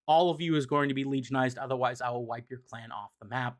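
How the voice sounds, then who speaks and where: A man's voice: medium pitch, fast, natural voice. A man voicing a commanding comic-book villain doctor in a casual, paraphrased retelling, close to his own voice. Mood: threatening.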